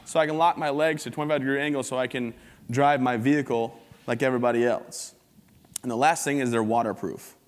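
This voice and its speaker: An American keynote speaker in his thirties, with a mid-range voice and fairly even intonation, talks a little fast on a conference hall stage before an audience. His motivational talk is upbeat and joking, full of acted-out scenes and voices, with long hall reverb.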